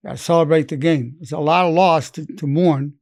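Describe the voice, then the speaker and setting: A man's voice: on the high side, brisk, a little mellow, no room sound, studio quality. A man in his eighties, a psychologist, teaching a lesson through stories about his patients and the words they said. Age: 80s. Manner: anecdotal, quotes patients in his own voice. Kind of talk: storytelling lesson.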